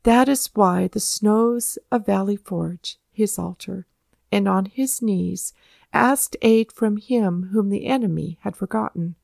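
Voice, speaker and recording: A woman reads aloud in a measured, solemn way, with her voice held at a middle pitch. Her tone is gravelly, and the recording is dry and close. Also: a little mellow, dry recording. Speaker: narrator. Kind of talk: read-aloud historical narration.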